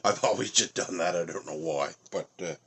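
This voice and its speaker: Talking while he eats, this middle-aged man from Nova Scotia chats his way through a food review in a rambling style packed with fillers and an Atlantic Canadian accent. He speaks low and fairly quick with a fairly bright tone over slight background noise.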